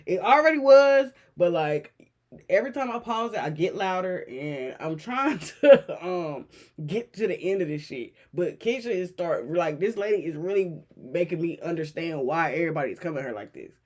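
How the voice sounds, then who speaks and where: Speaking at normal speed in an expressive, slightly mellow mid-range voice, a reaction video host chats casually and swears heavily. Getting irritated, they read lines from the clip aloud and mimic its people mockingly.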